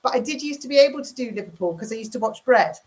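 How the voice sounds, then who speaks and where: A middle-aged woman hosts a casual livestream, her voice sitting a touch high. She chats frankly and reads out viewers' comments while she cooks dinner. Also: animated, rapid-fire. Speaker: livestream host. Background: cooking dinner while talking.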